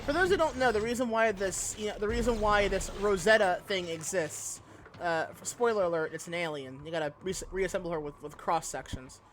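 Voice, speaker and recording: A woman's voice: mid-range voice, fairly quick, slight background noise. A woman streaming a game live, chatting in a giggly, rambling way with lots of fillers. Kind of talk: live gameplay commentary.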